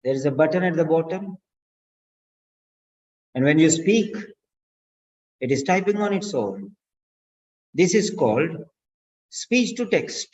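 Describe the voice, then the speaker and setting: A language teacher giving an instructional lesson, speaking slowly and deliberately and repeating key words. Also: mid-range voice, lively intonation, a little mellow. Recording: dull lo-fi recording.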